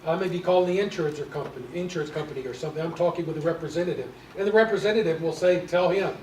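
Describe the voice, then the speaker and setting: A man's voice: a little high, very fast, a little mellow, slight background noise. A man speaking as a guest, telling his own experiences in an earnest, storytelling way. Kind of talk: sharing personal experiences. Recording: echoey room from far off.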